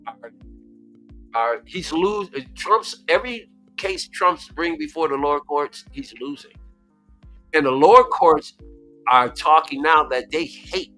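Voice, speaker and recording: Host, American man, high, bright voice, lively stream chat, repeats himself when he gets excited. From United States. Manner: animated, excitable, repeats words, laughs often. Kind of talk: casual chat.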